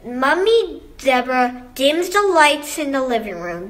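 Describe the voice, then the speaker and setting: A woman reading a children's picture book aloud, slowly and carefully, with occasional slips. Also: high voice, big pitch swings, fairly bright tone. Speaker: storybook reader.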